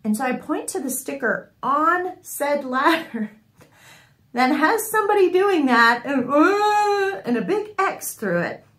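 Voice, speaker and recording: Unhurried woman telling wry stories. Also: high-pitched. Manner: wry and animated, often laughing. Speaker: sewing vlogger. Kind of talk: casual storytelling to camera. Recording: echoey room.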